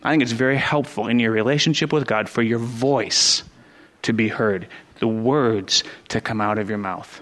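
A man's voice: mid-range voice, normal speed, a bit bright. A middle-aged man preaching a sermon as pastor, earnest and building to fervent emphasis, with frequent restarts.

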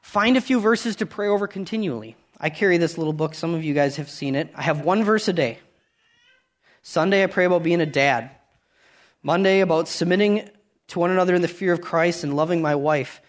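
A man in his thirties preaching a sermon, earnest and conversational, rising loud on key points and dropping to quiet asides. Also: fairly high pitch, fairly quick.

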